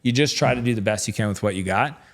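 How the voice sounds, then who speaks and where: A middle-aged man with a fairly low voice talks fast as a guest in a relaxed interview. He tells his stories chattily, packing in fillers and acting out the dialogue he quotes.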